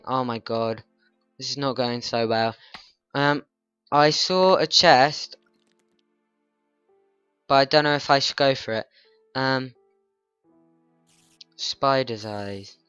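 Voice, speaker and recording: A man's voice: mid-range voice, a bit bright, smooth, dry recording. A man hosting a gaming channel in casual gameplay commentary, jumpy and panicky, talking back at the game's monsters.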